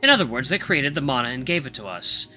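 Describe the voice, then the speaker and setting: A man voicing a young male wolf grandmaster who lectures in a calm, monotone way. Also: medium pitch, quick pace, faint music behind. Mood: lecturing.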